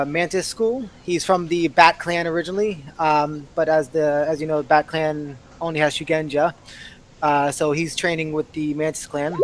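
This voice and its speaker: A man with a fairly high voice introduces himself and his character. He explains in an easygoing, unhurried way, with small pauses. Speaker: player. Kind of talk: casual self-introduction.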